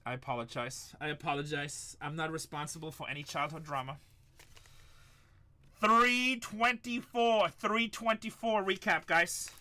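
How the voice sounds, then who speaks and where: Hyped high bright-voiced card break host. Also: male voice, a little fast, hardly any pauses. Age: middle-aged. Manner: hyped, shouts up to the chat, repeats lines. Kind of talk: livestream card break chat.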